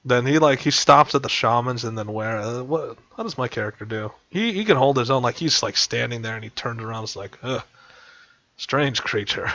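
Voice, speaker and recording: Game master guy narrating a tabletop game, rambly, acts out creature grunts, flat dry muffled headset audio. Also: medium pitch, a little fast, hardly any pauses, no room sound.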